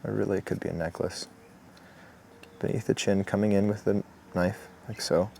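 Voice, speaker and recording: A man talking through a woodcarving tutorial outdoors in a relaxed, chatty way, with asides. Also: lowish voice, moderate pace, creaky, a little hiss or hum. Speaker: woodcarving instructor. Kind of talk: step-by-step tutorial narration. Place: outdoors in the morning.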